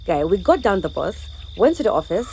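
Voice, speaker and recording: Lively young woman vlogging. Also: medium pitch, a little fast, slight background noise, low-quality recording. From Uganda. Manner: animated, chatty storytelling to viewers. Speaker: travel vlogger. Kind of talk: casual travel vlog narration.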